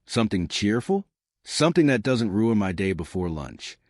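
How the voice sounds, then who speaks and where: A man's voice: lowish voice, big pitch swings, normal speed, no echo, clean studio sound. A man doing an exasperated grumpy boss. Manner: exasperated, complaining. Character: grumpy complaining office boss.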